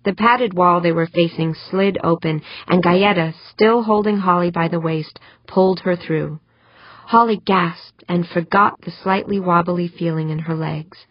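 A woman narrating a novel in an even, measured way, in a dull, dry recording. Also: fairly low pitch, dry recording. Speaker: audiobook narrator. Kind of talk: scripted narration.

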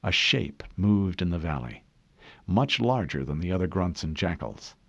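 Male narrator, low and lively delivery, measured dramatic reading, dry dull sound. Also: vocal fry, breathy edge, no echo. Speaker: audiobook narrator. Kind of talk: scripted narration.

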